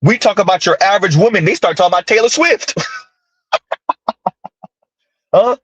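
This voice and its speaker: A man's voice: high-pitched, fast talker, a bit bright, breathy edge, no echo. A millennial man in his thirties hosting a casual commentary monologue, ranting with sarcastic asides. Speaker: commentary channel host.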